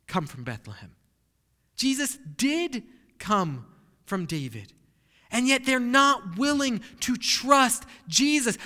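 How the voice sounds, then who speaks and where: High bright-voiced preacher in a reverberant hall. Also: male voice. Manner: emphatic preaching with rhetorical questions. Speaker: pastor. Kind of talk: sermon.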